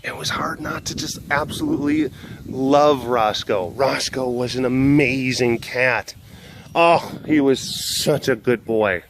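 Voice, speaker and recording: Out on a walk, a man who keeps an animal sanctuary speaks slowly in a mid-range voice, with a little hiss or hum on the recording. He chats casually for his vlog, rambling through animated stories and laughing a lot.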